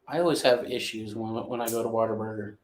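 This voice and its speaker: A man's voice: on the low side, steady tone, quick pace. A man hosting a casual live-stream chat, hesitant and often restarting his phrases. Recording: roomy echo.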